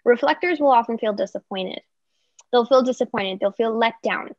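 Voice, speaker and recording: Woman, mid pitch, podcast guest, animated, slightly dull dry recording. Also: moderate pace, no echo. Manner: animated, acting out example voices. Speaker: guest coach. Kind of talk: podcast interview. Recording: slightly muffled, dry sound.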